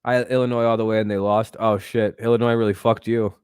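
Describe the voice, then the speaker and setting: A man's voice: lowish voice, flat delivery, fast talker, smooth, no echo. A man hosting a casual live sports talk stream. He talks back to his chat and swears freely. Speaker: streamer host.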